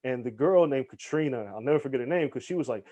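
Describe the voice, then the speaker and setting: Man, podcast guest, animated storyteller, casual swearing, mid-pitched voice. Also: fast. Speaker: guest, hip hop journalist.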